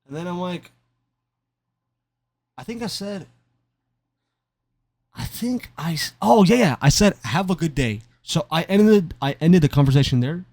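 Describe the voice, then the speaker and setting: Young guy rambling thru a story, kinda high voice, stammers and laughs at himself, dry close sound. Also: expressive, measured pace, pauses often, a little mellow, no echo. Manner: rambling, stammering, self-mocking. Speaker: gaming commentator. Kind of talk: casual storytelling over gameplay.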